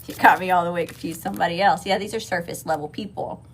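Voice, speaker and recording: A woman's voice: fairly low pitch, quick pace, slight background noise. A woman from Mississippi with a Southern accent, giving a casual livestream tarot reading, swearing freely and calling her viewers y'all. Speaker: tarot reader.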